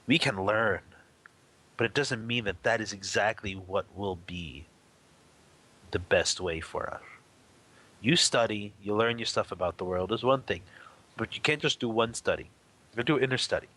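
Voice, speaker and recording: A man's voice: on the low side, normal speed, long pauses. A man sharing teaching stories in an easygoing, rambling way, acting out the voices in them. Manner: rambling storyteller, animated quoted voices. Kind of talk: casual spoken teaching.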